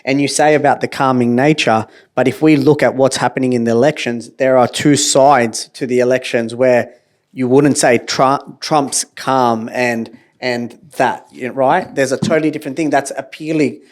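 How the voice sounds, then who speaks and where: A man on a podcast panel, talking conversationally and asking questions with a halting, agreeable manner. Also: mid-range voice, steady tone. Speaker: panel member.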